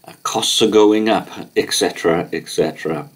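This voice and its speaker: A man's voice: low voice, moderate pace, slightly rough. A man chatting casually in a rambling, chatty vlog, with many fillers. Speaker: vlogger.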